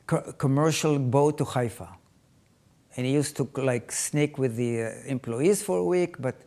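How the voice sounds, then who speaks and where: An older man tells his life story in English, haltingly, with many restarts and phrasing. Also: a little high, a little mellow. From Israel. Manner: halting, non-native phrasing with frequent restarts. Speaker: interviewee.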